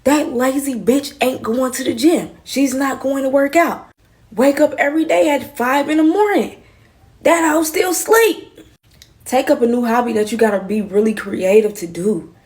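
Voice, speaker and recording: A woman's voice: a little high, darkish tone. A woman giving blunt, sassy advice and mocking copycats.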